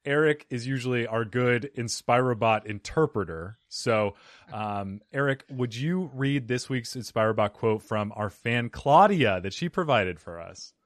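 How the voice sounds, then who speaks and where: A man's voice: medium pitch, a little slow, dry recording, studio quality. A man hosting a podcast, chatting in an upbeat, easygoing way. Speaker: podcast host. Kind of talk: casual chat.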